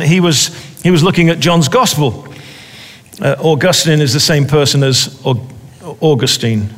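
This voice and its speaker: A man with a high voice preaching a sermon at an unhurried pace. He speaks deliberately and repeats key phrases for emphasis. His voice carries a long reverb, as in a large hall.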